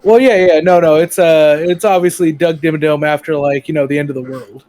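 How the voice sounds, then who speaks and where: A man's voice: fairly high pitch, steady tone, fairly quick, a little mellow, dry recording. A man playing in a tabletop game, chatting casually with hesitant fillers. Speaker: player.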